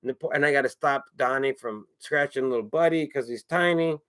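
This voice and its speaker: A man's voice: medium pitch, brisk, a bit bright. Give me a man chatting casually, rambling and profane, repeating his words. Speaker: streamer.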